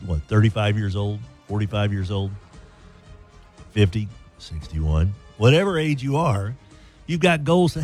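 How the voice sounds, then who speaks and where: A man's voice: fairly low pitch, lively intonation, a little slow, a little mellow, soft background music. A man hosting a live morning radio show, joking around and reading sponsor spots in a playful way. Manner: playful, jokey, with ad reads. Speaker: radio and podcast host. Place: radio studio.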